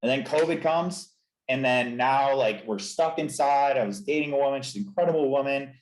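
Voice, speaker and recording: A chiropractor appears as a guest on a candid podcast interview, telling his story in an earnest, reflective, emotional way. His voice is mid-range and moderately paced, and the recording has a roomy echo with slight background noise.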